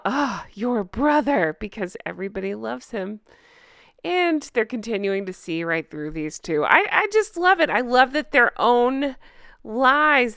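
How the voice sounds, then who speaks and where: A woman's voice: on the high side, bright, forceful tone, clean tone, dry recording, studio quality. A woman hosting a casual commentary vlog, sarcastic and gossipy, laughing often and reading articles aloud. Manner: reads news articles aloud. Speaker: royal commentary channel host.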